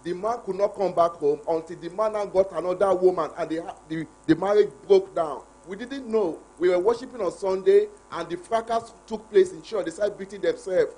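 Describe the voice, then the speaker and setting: A man's voice: sits high, moderate pace, few pauses, dark tone. A man speaking as a guest on a live ministry program, sharing a story earnestly in plain conversational teaching.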